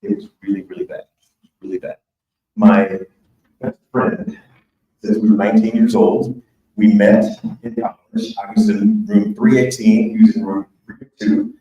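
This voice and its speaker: A man's voice: on the low side, wildly swooping pitch, normal speed, gravelly, mellow, highs cut off. A man, an author, tells a candid personal story to an audience and jokes along the way. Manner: candid, joking, conversational. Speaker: author giving a speech. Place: large event hall with an audience. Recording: echoey hall, voice from far off.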